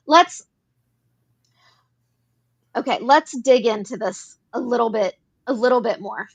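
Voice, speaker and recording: A woman's voice: a little high, expressive, slow, pauses often, fairly bright tone, breathy edge. A woman co-hosting an advocacy talk show, explaining policy earnestly and repeating phrases as she works through points. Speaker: podcast co-host. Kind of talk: advocacy discussion.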